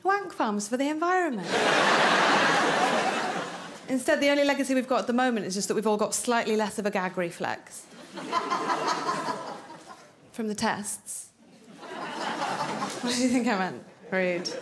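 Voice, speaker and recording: High-voiced welsh-raised woman doing stand-up, chatty and cheeky, noisy live recording. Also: animated, normal speed, pauses often. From North Wales. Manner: chatty, cheeky and laughing through punchlines. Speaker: stand-up comedian. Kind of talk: stand-up comedy set.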